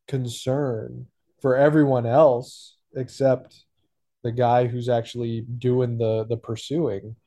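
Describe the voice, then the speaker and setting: Male podcast co-host, warm and mellow, hesitant and reflective delivery. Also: medium pitch. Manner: thoughtful, hesitant with many fillers. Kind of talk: casual discussion.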